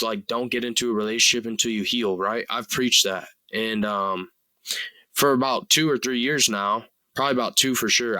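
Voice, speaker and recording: A young man in his twenties talks through a solo podcast in a loose, rambling way, leaning on fillers and dropping swear words. His tone is very bright and sharp-edged. The sound is dry and close, with no room echo. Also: mid-range voice. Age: 20s. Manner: earnest and rambling, full of "like" and "you know", casual swearing. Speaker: podcast host. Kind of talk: casual solo podcast monologue.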